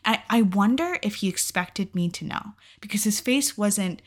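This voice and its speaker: A woman's voice: mid-range voice, moderate pace, a bit bright. A young adult woman vlogger telling a personal story in a casual, candid way, swearing freely and filling her talk with "like.". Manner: candid and profane, with frequent "like" and laughs.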